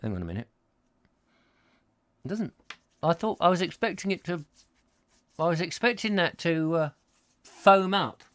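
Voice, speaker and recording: A man's voice: on the high side, lively intonation, a little slow, long pauses, a bit bright, no room sound. A man hosting a comic live chat show, rambling through jokey stories and singing little snatches. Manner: chatty, jokey storytelling, sings snatches. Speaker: host.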